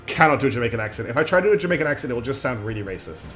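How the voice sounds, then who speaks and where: A man's voice: medium pitch, animated, rapid-fire, fairly bright tone, faint music behind. A man streaming a game, chatting casually in a rambling, self-deprecating way. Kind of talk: casual gaming commentary.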